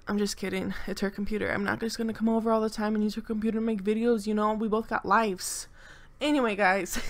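A young woman co-hosting a game channel talks fast in a medium-pitched, fairly even voice, recording a casual voice-over on a desk mic at home. She rambles with plenty of filler, brags playfully, and sounds slightly stuffy-nosed and out of breath.

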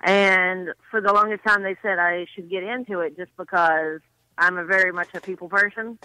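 A woman's voice: lowish voice, fairly even intonation, normal speed, sharp tone, smooth, low-quality recording. A woman from Georgia, a band booking agent, chatting as a guest over the phone on a radio show and laughing often. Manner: friendly and giggly, laughs often. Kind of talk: casual phone interview.

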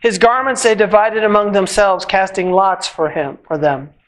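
A church reader giving a measured, solemn reading of scripture at a worship service, slowing at the ends of phrases. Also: mid-range voice, poor audio.

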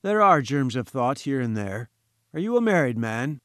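A man's voice: medium pitch, sing-song, normal speed, fairly bright tone, dry recording, studio quality. A man voicing a pompous, condescending professor who lectures in grand, patronizing tones, in an audiobook reading. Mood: pompous, lecturing. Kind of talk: audiobook character voice.

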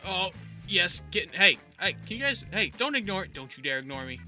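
A man giving let's-play commentary in an excitable, joking and animated way. His voice is very bright and piercing, and it sits fairly high. Soft music plays behind him. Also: a little fast. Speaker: gaming YouTuber.

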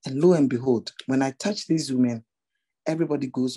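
A woman preaches from her own story in a husky, breathy voice. Her tone is mellow and warm rather than bright. She speaks earnestly and keeps returning to the same searching questions for her listeners. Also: a bass voice, a little fast, no room sound, low-quality recording. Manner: earnest, repeats rhetorical questions. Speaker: women's ministry speaker. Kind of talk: personal testimony sermon.

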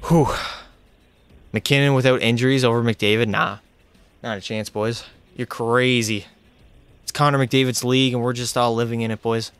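A young man streaming a hockey video game, talking to his chat and his in-game teammates in an excitable, chatty way. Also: mid-range voice, normal speed, pauses often, clean tone, no room sound. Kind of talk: live gameplay commentary.

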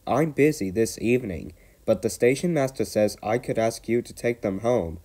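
A man voicing a friendly, busy male tank engine in a storybook, polite and brisk. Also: lowish voice, animated, mellow.

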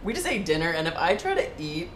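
A man's voice: a little high, sing-song, fast talker, a bit bright, reverberant, a little hiss or hum. A man with an American accent, co-hosting a casual vlog in a playful, giggly, theatrical way. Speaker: vlog co-host. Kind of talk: casual chat.

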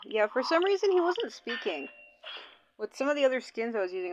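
A woman's voice: a little high, sing-song, a little fast, noisy background. A young woman host chatting casually and with lots of swearing while commenting on her gameplay. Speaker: gaming channel host. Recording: dull lo-fi audio, faint game music.

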